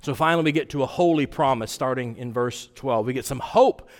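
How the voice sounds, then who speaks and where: A man's voice: mid-range voice, brisk, big-room sound. A man preaching a sermon as pastor, in a conversational style that keeps checking in with rhetorical questions.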